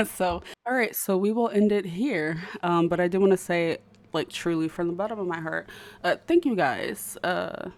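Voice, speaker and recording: A young woman with a speech impediment chats casually to her viewers from home. Her voice sits a little low, and her talk wanders, with stutters and restarts along the way. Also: vocal fry. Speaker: YouTuber.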